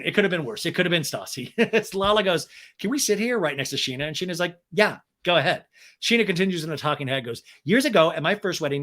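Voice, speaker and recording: A man's voice: on the high side, fairly bright tone. A man hosting a comedy podcast, recapping reality TV in a campy, sarcastic way, swearing often and acting out the cast's quotes in voices. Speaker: podcast host.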